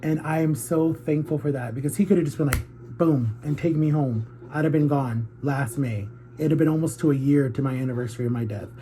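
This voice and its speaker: Earnest thirty-year-old man, mellow voice. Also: on the high side, brisk, a little hiss or hum. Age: 30s. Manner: candid, earnest, heartfelt. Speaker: YouTuber. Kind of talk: confessional vlog.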